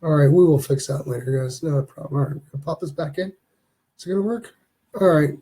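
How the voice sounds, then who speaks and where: Husky, mellow-voiced man hosting a live stream. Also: on the high side, fast talker. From Canada. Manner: rambling, chatty, reads live comments aloud. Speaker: host of a live stream show. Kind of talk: casual live-stream chat. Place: home studio.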